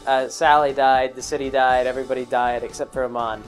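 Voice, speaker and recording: A man's voice: medium pitch, flat delivery, a little fast, faint music behind. A man hosting a podcast, casually telling a long story about a past role-playing game, rambling with many fillers and restarts. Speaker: podcast host.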